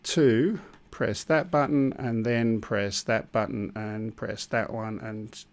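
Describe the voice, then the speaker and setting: A man's voice: lowish voice, fairly even intonation, slow, noisy background. A man hosting a live drone stream, chatting loosely and joking while he runs the controls. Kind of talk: casual live-stream chat.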